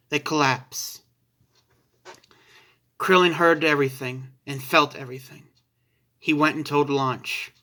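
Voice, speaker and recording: A man's voice: a little high, steady tone, slow, long pauses, pushed and bright. A man narrating a fan story in a casual, informal way, sometimes correcting himself mid-sentence.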